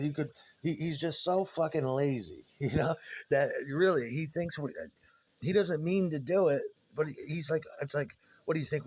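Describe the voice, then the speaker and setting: With a fairly high but darkish voice, a man rambles casually about his old bandmates. He swears freely, meanders, and keeps restarting his sentences.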